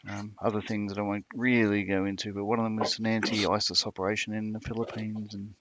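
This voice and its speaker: A middle-aged man, chatting on a video call as a panel guest, pausing often with ums and you-knows. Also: fairly low pitch, level tone, background noise. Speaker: panel guest, military veteran. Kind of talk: casual chat on a livestream.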